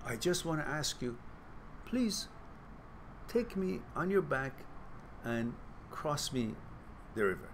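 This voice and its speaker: A man's voice: fairly high pitch, sing-song, slow, long pauses, slight background noise, heavily acted. A man voicing a scheming male scorpion in a fable, talking in a coaxing, reassuring way.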